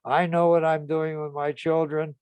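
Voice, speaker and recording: A man's voice: on the high side, little pitch movement, moderate pace, darkish tone, clear, resonant tone, dry recording, voice pushed up, lightly acted. A man voicing a defensive father who protests indignantly. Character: defensive, indignant father in his own account.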